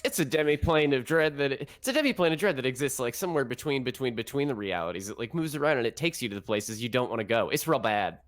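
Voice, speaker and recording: Guy player at a tabletop game, rambly, lots of "like", mid-pitched voice. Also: lively intonation, fast, few pauses. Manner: rambling, leans on fillers. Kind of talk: casual game chat.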